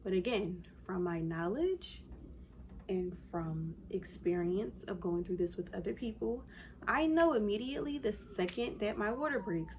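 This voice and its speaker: A woman's voice: mid-range voice, a little slow, a little hiss or hum. Chatty woman telling a story. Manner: animated, lots of "like" fillers. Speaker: vlogger. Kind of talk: casual storytelling.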